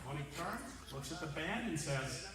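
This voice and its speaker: A man giving a comic roast speech in a large banquet hall, telling stories in a lively way and acting out the characters. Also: a little high, moderate pace, very noisy. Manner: lively storyteller, acts out the characters. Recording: echoey hall, distant mic.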